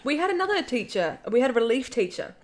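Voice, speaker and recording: A young woman, co-hosting a casual chat and recalling school days in a relaxed, giggly way. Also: fairly high pitch, fast. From Australia. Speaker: podcast co-host.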